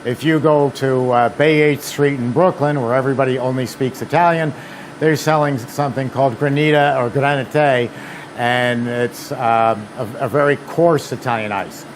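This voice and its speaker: A man's voice: mid-range voice, steady tone, normal speed, slight background noise. A man presenting at a seminar, telling anecdotes in a chatty, filler-laden way. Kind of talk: demonstration talk.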